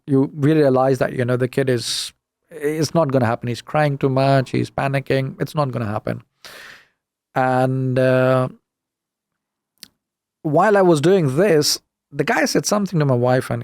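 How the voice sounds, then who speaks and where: A middle-aged man from the UK, telling a story as a podcast guest, animated and indignant as he acts out the dialogue. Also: medium pitch, gravelly, dry recording, clean studio sound. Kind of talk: casual storytelling interview.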